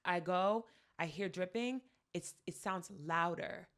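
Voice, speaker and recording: A woman co-hosting a podcast, telling a story in casual chat, acting out quotes loudly and laughing often. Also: fairly low pitch, slow. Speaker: podcast co-host.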